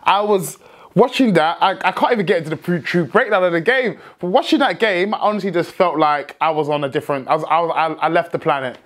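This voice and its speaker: A young man hosting a football fan vlog, talking excitedly with many restarts and outbursts. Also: a little high, quick pace. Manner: excitable, rambling, frequent restarts, shouts in joy. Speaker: football fan channel host.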